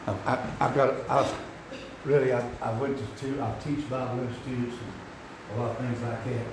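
Folksy preacher in an echoey church. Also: male voice, medium pitch, flat delivery, normal speed, background noise. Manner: rambling folksy preaching, rising to shouts. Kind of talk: sermon. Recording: echoey hall from far off.

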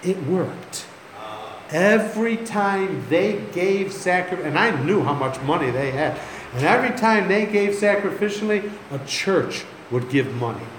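His voice sits high with lively intonation, and he talks a little slowly while telling folksy, joking sermon stories he laughs along with. The pastor's recording is echoey, with faint ambience and a little hiss or hum.

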